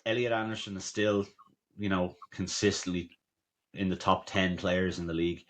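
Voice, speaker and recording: A man's voice: low voice, little pitch movement, moderate pace, crowd noise. A man co-hosting a fantasy football podcast in casual chat, often restarting and stacking up his words.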